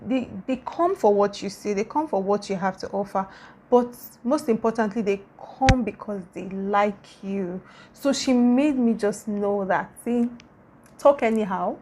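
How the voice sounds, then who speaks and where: A woman's voice: mid-range voice, darkish tone. A young woman with a Nigerian accent chats casually to her vlog audience. She gushes and circles back, repeating her praise over and over in a mid-range, everyday voice. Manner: gushing, repetitive, effusive. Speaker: YouTuber.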